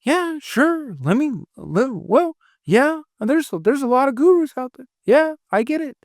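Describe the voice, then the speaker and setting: A man playing an overeager male salesperson who says yes to everything in a high, gushing voice. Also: expressive, measured pace, no room sound, clean studio sound, full character voice. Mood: fawning. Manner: high, gushing, people-pleasing. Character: eager fawning male salesperson, needy and overly agreeable.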